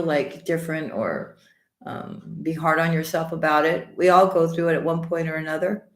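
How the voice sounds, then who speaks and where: A woman hosting a live tarot stream, greeting viewers by name and calling them sweetheart and honey, her voice slightly hoarse with the odd cough. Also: fairly low pitch. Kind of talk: casual live-stream chat and tarot reading. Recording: echoey room.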